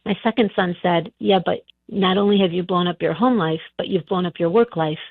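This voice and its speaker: Calling a radio show by phone, a middle-aged woman speaks a little fast in a voice on the low side. Her story comes out hesitantly with many restarts, and the line sounds tinny, without any room sound.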